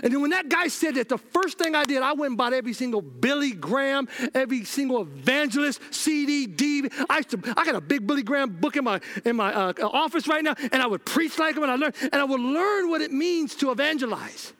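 A man's voice: very high-pitched, lively intonation, fairly quick, hardly any pauses, a bit bright. A man preaching a sermon, urgently repeating "listen" to the congregation and telling personal stories with acted-out dialogue.

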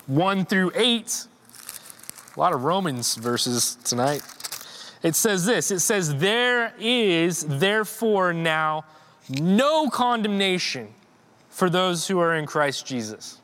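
Man, preacher, high-pitched voice, casual sermon, repeats himself, builds in emphasis. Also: fairly bright tone. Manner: conversational, repeats words, rises in emphasis. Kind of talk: informal sermon. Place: church.

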